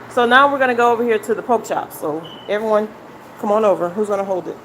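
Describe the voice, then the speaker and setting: A woman's voice: medium pitch, quick pace. A woman hosting a live cooking demonstration from her home kitchen, chatting and giving instructions as she works, recorded on a phone. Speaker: cooking show host. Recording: kitchen vent hum behind.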